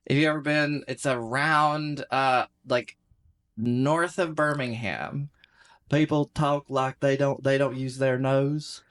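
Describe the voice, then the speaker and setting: A man's voice: mid-range voice, fairly even intonation, slow, a bit bright. Southern man, podcast guest, loose rambling chat with cussing. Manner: rambling, profane, laughs often. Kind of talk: casual chat.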